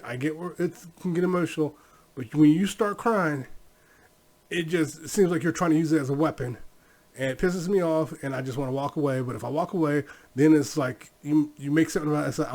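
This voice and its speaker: Blunt, rambling middle-aged man. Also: fairly high pitch. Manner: blunt, rambling storytelling with fillers. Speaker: podcast host. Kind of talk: casual solo podcast monologue.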